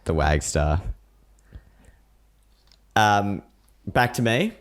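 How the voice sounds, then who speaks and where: A man's voice: on the low side, animated, drawn-out words. A man co-hosting a casual chat podcast, blunt and sweary as he rants. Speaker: podcast co-host.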